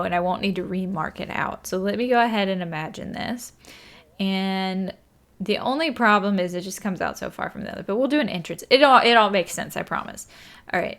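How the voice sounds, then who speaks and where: A young woman giving casual let's-play commentary, thinking aloud, counting tiles under her breath and apologizing as she goes. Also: mid-range voice. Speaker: gaming YouTuber.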